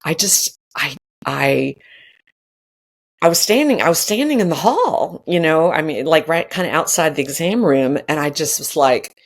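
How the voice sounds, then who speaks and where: A woman's voice: low-pitched, normal speed. A woman in her sixties tells a personal story as a podcast guest. Her voice rises and falls widely, and she often laughs and acts out the lines of the people in the story. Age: 60s. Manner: animated, laughing often, acting out quoted dialogue. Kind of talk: storytelling in casual conversation.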